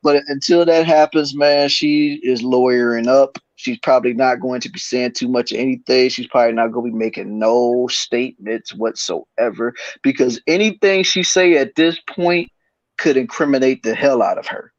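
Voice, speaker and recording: A man's voice: medium pitch, fairly even intonation, normal speed, no echo, muffled recording. A man co-hosting a podcast, giving laid-back, slangy commentary. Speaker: podcast co-host. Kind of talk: casual chat.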